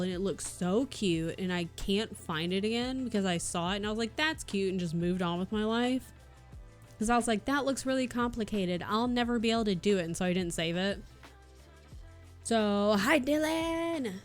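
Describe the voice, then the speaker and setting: A woman streamer chatting casually and swearing freely while she does cross stitch and reads her chat. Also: medium pitch. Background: soft background music.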